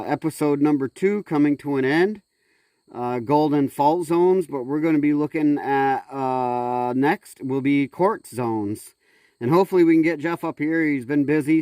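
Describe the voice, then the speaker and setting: A man's voice: a little high, a little mellow, smooth, no room sound. A middle-aged man hosting a prospecting vlog, talking casually and loosely with many fillers and restarts. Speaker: host of a gold prospecting channel. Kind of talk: casual outdoor vlog narration.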